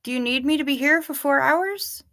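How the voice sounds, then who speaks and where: Bright-voiced woman chatting on a livestream. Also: high-pitched, moderate pace. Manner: chatty and rambling, often trails off. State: sleepy, keeps yawning. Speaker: livestream host. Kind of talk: casual livestream chat with viewers. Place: at home, in her chair.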